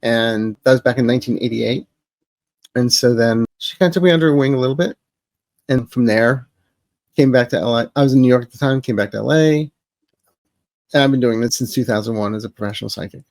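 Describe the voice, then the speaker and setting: A man being interviewed as a psychic advisor, telling stories with quick jokes and asides. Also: medium pitch, a little mellow, dry recording. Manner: joking, storytelling, quick asides. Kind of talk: casual interview chat.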